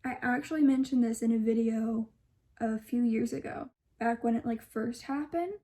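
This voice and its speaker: Her voice sits on the high side with a dark tone. She's a young adult vlogger telling a personal story in a relaxed, talkative way, full of asides, and she whispers the lines she quotes.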